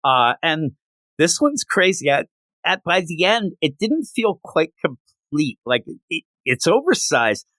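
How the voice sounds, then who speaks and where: A man co-hosting a podcast, chatting casually in an animated, rambling, joking way. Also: a little high, a little slow, no room sound. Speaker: podcast co-host. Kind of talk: casual chat.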